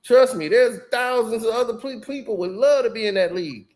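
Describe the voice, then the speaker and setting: A man's voice: extremely high pitch, fairly quick, darkish tone. A man guesting on a casual podcast, telling stories animatedly with slang and frequent laughter. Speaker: guest, former basketball player.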